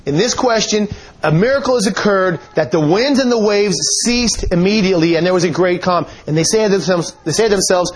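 A man's voice: high-pitched, a little fast, slightly rough, rough recording. A man preaching a sermon, reading scripture aloud and asking his listeners earnest, emphatic questions.

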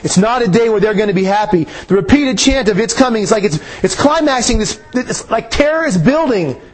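A man preaching a sermon, slow and emphatic, his voice rising on key phrases. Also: high voice, animated. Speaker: pastor.

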